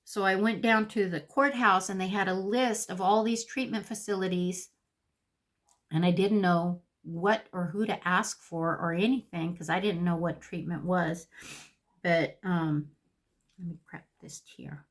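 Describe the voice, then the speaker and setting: A woman vlogger telling her own story in a casual, animated, candid way, with plenty of swearing. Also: on the low side, unhurried. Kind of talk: casual storytelling while getting ready.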